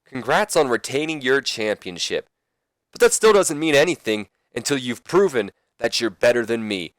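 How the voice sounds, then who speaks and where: A man's voice: medium pitch, big pitch swings, normal speed, no echo, voice pushed up, lightly acted. A man voicing a smug, boastful male wrestler.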